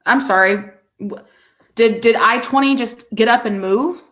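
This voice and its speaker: A woman's voice: a little high, measured pace. A woman co-hosting a podcast, chatting casually and sarcastically about a college basketball game. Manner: animated, sarcastic, laughs often. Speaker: podcast co-host. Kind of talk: casual sports chat.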